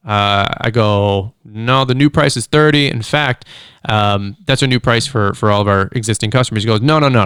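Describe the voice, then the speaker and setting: Animated podcast host, clean studio voice. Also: male voice, medium pitch, smooth, no echo. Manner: chatty and animated, retells scenes with quick quoted voices. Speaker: podcast host, lawn care business owner. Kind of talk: casual solo podcast talk.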